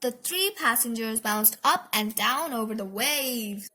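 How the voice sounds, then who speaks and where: A woman reading a children's storybook aloud, expressive, with asides about the pictures. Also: a little high, a little slow.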